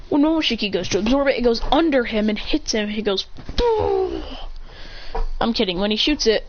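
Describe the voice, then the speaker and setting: Rambling excited storyteller, lo-fi. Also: medium pitch, fast talker, few pauses. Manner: rambling, with shouted sound effects and voiced lines. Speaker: fan storyteller. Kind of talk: excited fan-fiction retelling. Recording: dull lo-fi mic with faint hiss.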